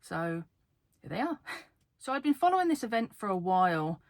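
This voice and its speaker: Excited fast-talking woman vlogger. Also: mid-range voice, no echo. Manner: fast, excitable, laughing often. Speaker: card game YouTuber. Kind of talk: casual vlog talk to camera. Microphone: camera facing her.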